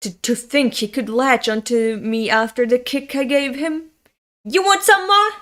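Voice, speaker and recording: A woman's voice: on the high side, steady tone, normal speed, close to an everyday voice. A woman voicing a defiant young male hero who taunts his rival with a raised voice. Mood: taunting.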